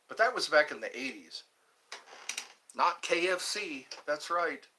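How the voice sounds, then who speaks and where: A middle-aged man from Georgia, in the US Deep South, runs a casual livestream in a voice on the high side, expressive, bright and forceful, moving a little slowly. He rambles through reminiscences and answers viewers in the chat as host.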